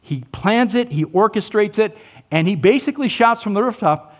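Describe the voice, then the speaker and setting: A male pastor preaching a sermon, asking his listeners questions, acting out quotes, and dropping low and soft on key lines. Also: moderate pace. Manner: animated, asks the listeners questions, acts out quotes.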